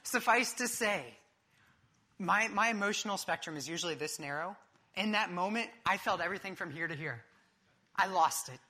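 Bright, high-voiced man preaching animatedly. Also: normal speed. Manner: animated, vivid storyteller. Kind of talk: sermon with personal storytelling.

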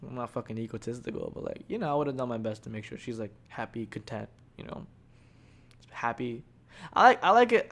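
A young man chats alone into his podcast mic. He rambles and restarts, swears freely and leans on "like" in nearly every line. His voice sits at a middling male pitch. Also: fairly bright tone. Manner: rambling, profane, heavy filler "like". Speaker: podcast host. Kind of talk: casual solo storytelling.

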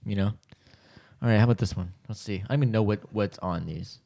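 A young man co-hosting a podcast, excitable and teasing, laughing often. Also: fairly low pitch, quick pace, creaky. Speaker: podcast co-host and editor. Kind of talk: casual banter.

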